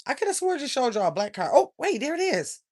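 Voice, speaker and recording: A woman's voice: sits high, very animated, fast, darkish tone. Older lady rambling on her livestream, calls everybody y'all. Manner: chatty, rambling, addresses viewers as y'all. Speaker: channel host. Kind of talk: casual livestream chat.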